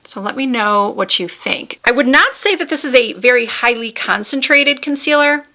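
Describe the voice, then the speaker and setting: A woman's voice: fairly high pitch, animated, normal speed, bright, forceful tone. A woman chatting casually as she tries new makeup on camera, narrating each step as she goes. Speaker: beauty vlogger. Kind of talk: casual makeup tutorial chat. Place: home room with a window.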